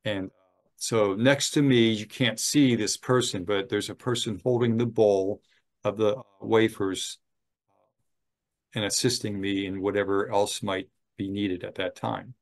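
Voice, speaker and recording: A middle-aged man, a chaplain, giving a slow, gentle training talk on ministry, with some fillers. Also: lowish voice, steady tone.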